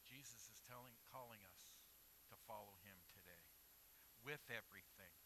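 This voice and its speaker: A man's voice: on the low side, moderate pace, vocal fry, noisy background. A male pastor giving an earnest, emphatic sermon.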